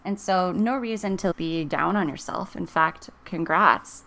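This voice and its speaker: A woman's voice: mid-range voice, vocal fry, a bit bright. A woman giving a casual, encouraging tarot reading to camera, chatting and thinking aloud as she goes. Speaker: tarot reader.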